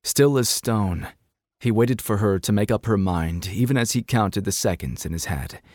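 A man reads a gritty novel aloud in a measured, dramatic narration. His voice sits on the low side, and the recording is close and dry, with no room sound. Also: darkish tone, no echo. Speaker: audiobook narrator. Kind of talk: scripted narration.

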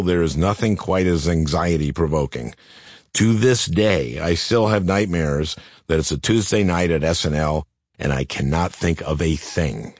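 Deep-voiced older man, deadpan memoir narration. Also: dry recording. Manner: dry, deadpan comic delivery. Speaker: author narrating his memoir.

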